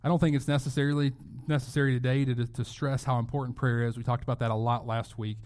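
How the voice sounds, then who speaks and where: A man's voice: mid-range voice, flat delivery, fast, a little mellow. A man preaching a sermon as pastor, earnest and emphatic, often restarting his phrases.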